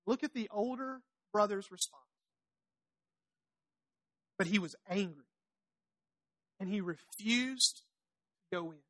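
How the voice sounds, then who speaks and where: A woman preaching a sermon, retelling the story with animated storytelling, acting out the characters' lines and tossing chatty asides to the congregation. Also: medium pitch, takes it slowly, long pauses.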